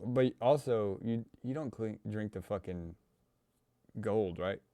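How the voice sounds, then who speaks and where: A young man with a Louisville, Kentucky accent hosts a podcast, chatting casually, running his sentences together, and swearing freely. His voice is fairly low, slow, and mellow, with no echo.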